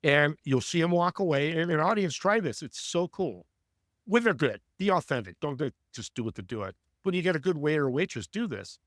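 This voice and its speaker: Upbeat male guest, acts out anecdotes, higher-pitched, dry booth sound. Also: fairly quick, no echo. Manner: animated, acts out voices in anecdotes. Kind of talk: storytelling interview talk.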